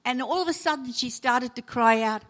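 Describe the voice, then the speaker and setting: A woman with a slightly high voice preaches a sermon at a moderate pace. The preacher and chaplain tells personal stories, acting out the people she quotes with sudden loud, emotional lifts.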